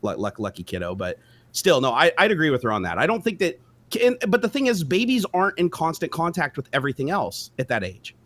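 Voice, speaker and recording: A man co-hosts a casual livestream chat, with a slightly raised pitch and a fast pace. He talks bluntly and swears freely. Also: sing-song, fairly bright tone. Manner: blunt and profane. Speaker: co-host.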